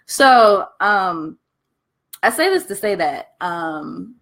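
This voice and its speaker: A young American woman vlogging casually, telling her story in a candid, profane, animated way while eating between sentences. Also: mid-range voice, very slow, gravelly. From United States. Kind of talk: casual vlog chat.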